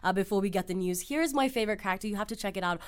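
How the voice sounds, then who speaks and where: A woman's voice: medium pitch, racing, slight background noise. A woman hosting a radio interview in a studio, enthusiastic and upbeat. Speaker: radio host.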